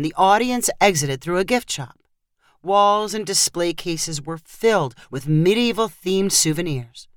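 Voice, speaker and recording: A woman giving an expressive scripted narration of a short family story. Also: lowish voice, no room sound, clean studio sound.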